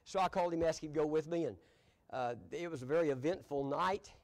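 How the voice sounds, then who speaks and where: An older man with a drawl preaches in a church, leaning into folksy storytelling. His voice sits high for a man, and he chuckles easily between lines. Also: fast, a little mellow. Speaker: pastor. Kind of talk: storytelling sermon. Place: church sanctuary.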